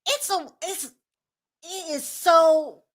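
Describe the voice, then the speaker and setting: A woman's voice: very high-pitched, slow. A woman hosting a celebrity gossip livestream, giving blunt opinions, laughing often and talking to her chat. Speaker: host.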